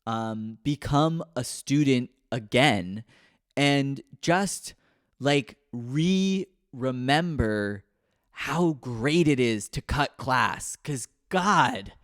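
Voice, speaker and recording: An American podcast host in his thirties rambles through a comedy podcast, self-deprecating and full of fillers and restarts. His medium-pitched voice is animated and fairly bright but very slow. The studio-quality sound has no room sound.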